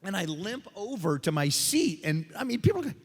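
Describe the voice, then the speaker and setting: Lively, joking man on a convention stage. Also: sits high, fairly quick, breathy edge. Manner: animated, joking storyteller who acts out quoted voices. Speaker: voice actor convention panel guest. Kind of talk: convention panel storytelling and Q&A. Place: convention panel room on a stage. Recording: reverberant hall.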